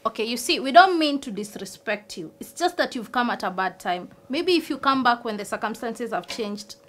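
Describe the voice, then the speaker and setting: A woman's voice: fairly high pitch, animated, moderate pace, lightly acted. A woman playing a polite, placating student. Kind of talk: TV sitcom acting.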